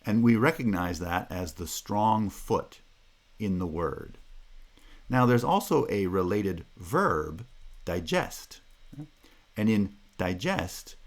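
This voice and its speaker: A man lecturing a university class in a very deep voice. He speaks slowly, one careful step at a time, and his intonation swings widely as he stresses key terms. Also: lively intonation. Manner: measured and explanatory, with checking "Okay?" asides. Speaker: linguistics lecturer.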